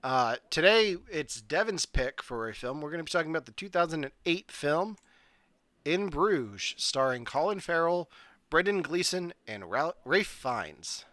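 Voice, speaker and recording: A man's voice: a little high, very animated, unhurried, fairly bright tone, no room sound. A man hosting a casual podcast over a video call, running through facts with joking asides. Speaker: podcast host. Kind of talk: casual chat.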